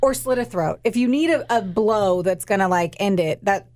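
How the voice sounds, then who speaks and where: A woman's voice: medium pitch, moderate pace, darkish tone. A young woman co-hosting a podcast and telling a true-crime story in loose, casual talk. She swears freely and leans hard into the outrage. Her voice sits in a middle register. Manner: profane, emphatic storyteller. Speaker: podcast co-host.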